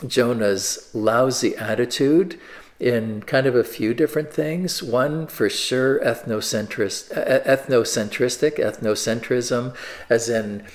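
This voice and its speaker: Casting: man preaching in a casual, halting teaching style, mid-pitched voice. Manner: conversational, with fillers and repeated restarts. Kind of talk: discussion-starter sermon, reading scripture.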